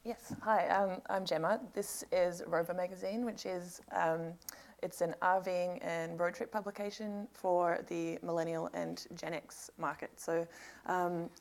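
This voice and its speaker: A woman introducing her magazine as a panelist, measured and a little hesitant. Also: fairly low pitch, fairly even intonation. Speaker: magazine founder and editor, panelist. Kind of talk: conference panel talk.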